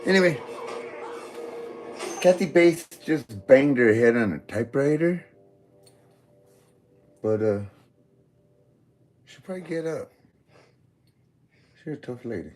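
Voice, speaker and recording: A man high on weed, rambling goofily in a meandering monologue addressed to God. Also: animated, slow pace, long pauses, a little mellow, soft background music. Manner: goofy, meandering, talks to God. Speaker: vlogger. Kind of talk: rambling stream-of-consciousness monologue.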